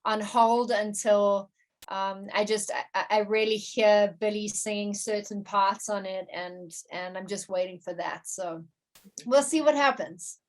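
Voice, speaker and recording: A woman's voice: medium pitch, fairly even intonation. A woman musician and producer chatting in an interview, often restarting her sentences with fillers. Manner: halting, many restarts and fillers. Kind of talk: casual interview chat.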